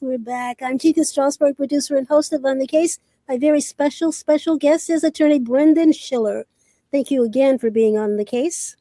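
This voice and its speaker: A woman's voice: sits high, normal speed, dark tone, dry recording. A woman who hosts and produces a talk show, asking her guest blunt, direct questions. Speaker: host and producer. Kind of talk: interview host.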